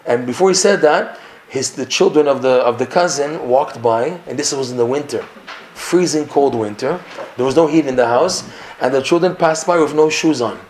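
A man teaching a Torah class, telling a story with lively acted-out dialogue. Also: mid-range voice, moderate pace, slight background noise. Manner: animated storyteller acting out the characters' lines. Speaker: religious teacher.

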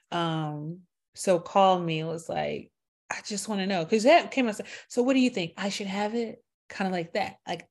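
A woman giving a passionate faith testimony, calling out to her listeners and rambling through asides. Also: fairly low pitch. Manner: preachy call-outs to listeners, animated and exclamatory; rambling with frequent fillers and asides. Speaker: Christian speaker sharing a testimony.

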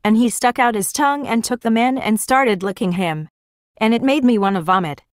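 A woman's voice: a little high, a little fast, no echo, studio quality. A woman giving a first-person religious vision testimony in an earnest, plain storytelling manner.

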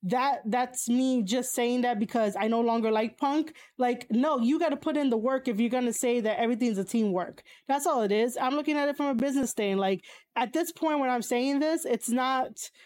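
A woman in a casual, opinionated chat, reading viewers' comments aloud and answering them. She swears bluntly, uses a lot of fillers and laughs often, with sudden high-pitched exclamations. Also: moderate pace, darkish tone. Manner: blunt and profane, frequent fillers.

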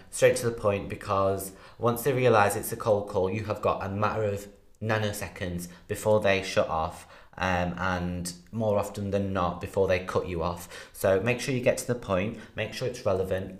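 A man, a sales associate, giving cold-calling advice with many ums. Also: on the low side. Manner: steady, fairly confident, many ums. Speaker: senior sales development associate. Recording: roomy echo.

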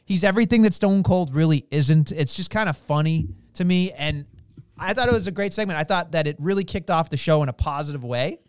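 A man with a smooth, clear voice, a touch higher than most, chatting casually as a podcast co-host. He rambles and restarts his sentences. The sound is dry and close. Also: no room sound. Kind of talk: casual wrestling chat.

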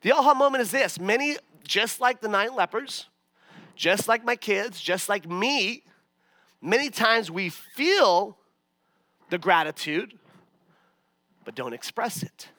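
A man's voice: high voice, lively intonation, slow pace, long pauses, sharp tone, no echo. A man, a pastor, preaching a sermon in a conversational, self-mocking way. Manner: conversational, self-mocking, many fillers and restarts.

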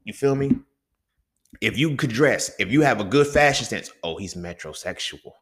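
A man's voice: medium pitch, lively intonation, normal speed, a bit bright, husky. A young man hosting a casual solo podcast, talking in a heated, profane, conversational way and often checking in with the listener. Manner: profane, heated, conversational, keeps asking "you feel me". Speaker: podcast host.

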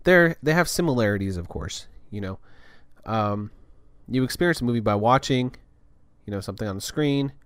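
A man's voice: medium pitch, lively intonation, normal speed, smooth, no room sound, studio quality. A young adult man hosting a podcast in a casual, rambling monologue full of fillers and restarts. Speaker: podcast host.

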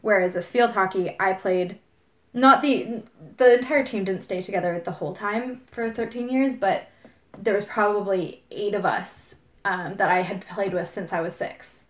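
A woman's voice: medium pitch, moderate pace, roomy sound. A young woman in casual chat, speaking thoughtfully with hesitant fillers. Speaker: podcast panelist.

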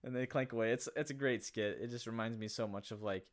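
A man chatting casually with friends, joking and rambling, now and then bursting into loud mock-angry impressions. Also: medium pitch, quick pace. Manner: jokey, bursts into shouted impressions. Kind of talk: casual chat.

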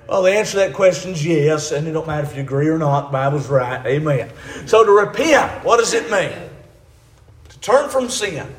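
A man's voice: very high-pitched, a bit bright. A man preaching a folksy, emphatic sermon, often saying "amen" and "all right.". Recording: echoey room.

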